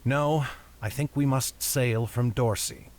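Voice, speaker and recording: A man voicing a measured, wary male wizard who speaks in a calm, deliberate way. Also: medium pitch, close to an everyday voice.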